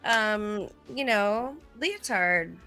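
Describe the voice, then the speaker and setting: A woman's voice: mid-range voice, expressive, extremely slow, bright, forceful tone, soft background music. A woman co-hosting a casual book podcast, teasing and laughing with the others. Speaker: podcast co-host.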